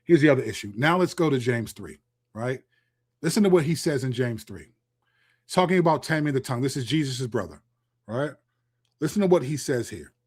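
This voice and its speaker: A middle-aged man delivers an impassioned Christian commentary on his own channel. His voice sits at a medium pitch, and his tone is preachy and emphatic. He often restarts his sentences mid-thought as he reads scripture aloud. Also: lively intonation, brisk, long pauses, a little mellow, slightly rough.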